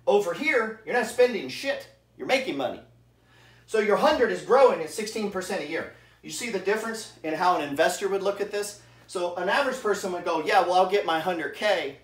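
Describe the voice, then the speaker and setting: A man's voice: high-pitched, lively intonation, moderate pace, a bit bright, distant mic. A man, a real estate investor, slightly out of breath, bluntly explaining money math in an informal way and rounding numbers as he goes. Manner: blunt, works through rough math aloud, rounding as he goes. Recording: echoey room, away from the mic.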